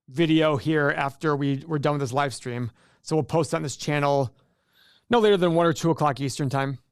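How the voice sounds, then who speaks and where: A man's voice: fairly high pitch, smooth, no room sound, studio quality. A man hosting a casual investing livestream, chatting and joking with viewers and often restarting his sentences. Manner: chatty, jokey, self-interrupting. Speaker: livestream host.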